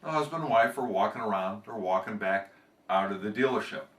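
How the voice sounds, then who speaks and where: Low-voiced man telling a joke. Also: brisk, fairly bright tone. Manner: loose, conversational storytelling. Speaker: sales trainer telling a joke. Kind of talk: casual joke-telling, then promo pitch. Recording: roomy, off-mic from a distance.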